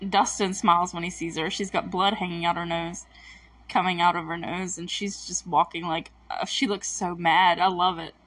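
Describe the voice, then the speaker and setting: A woman's voice: lowish voice, level tone, moderate pace, fairly bright tone, dry recording, distant mic, poor audio. A woman casually recapping a TV episode, laughing often and acting out the characters' lines. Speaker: recap host.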